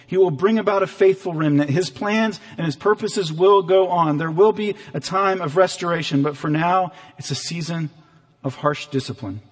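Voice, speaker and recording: A man preaching a sermon as pastor, earnest and animated, sometimes acting out the voices in the story. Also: fairly high pitch. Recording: long hall reverb.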